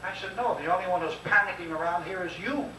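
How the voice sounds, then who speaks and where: This man speaks fast in a high, sharp voice, giving a fervent, preacher-style lecture and urging listeners to call out responses. The sound comes from an old VHS tape recorded from far away, echoey and carrying a little hiss or hum.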